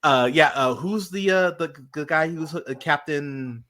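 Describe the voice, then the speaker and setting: A man hosting a casual review podcast, talking animatedly and swearing, his voice jumping up high when he gets worked up. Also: unhurried, pushed and bright. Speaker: podcast host.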